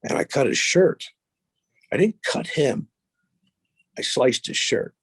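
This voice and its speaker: A man's voice: mid-range voice, slow, creaky, breathy edge, no room sound. A man in his thirties, a podcast guest, telling a story casually with lots of swearing and rambling asides. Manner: profane, rambling, animated retelling.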